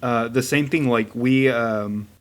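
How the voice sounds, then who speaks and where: Man in his thirties, podcast co-host, mid-pitched, rambling and profane, acts out voices in anecdotes. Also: slow pace. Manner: rambling and casual, swears a lot, acts out voices in stories. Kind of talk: casual chat.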